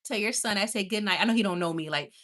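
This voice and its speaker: A woman's voice: medium pitch, quick pace, fairly bright tone. A woman hosting a casual livestream, chatty and affectionate, laughing often. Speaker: livestream host.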